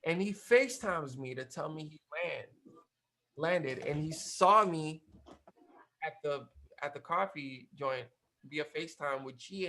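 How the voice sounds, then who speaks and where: A man from Cape Verde telling a story in a casual interview, animated and slangy, swearing freely. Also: fairly high pitch, measured pace, rough recording. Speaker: guest.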